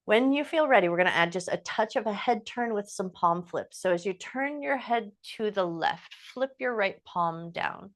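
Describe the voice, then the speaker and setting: A woman teaching a yoga class, giving calm, encouraging movement cues with slow, drawn-out phrases. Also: mid-range voice. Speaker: yoga instructor. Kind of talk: guided yoga class instruction.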